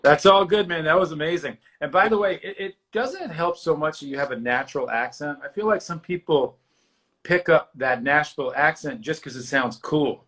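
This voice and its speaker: Animated swearing male talk host. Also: a little high, moderate pace. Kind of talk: casual interview chat.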